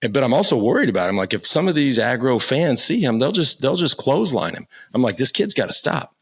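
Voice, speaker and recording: An American man in his fifties, a podcast guest telling profane, animated stories with frequent restarts. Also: medium pitch, fast, slightly rough. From United States. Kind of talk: casual storytelling.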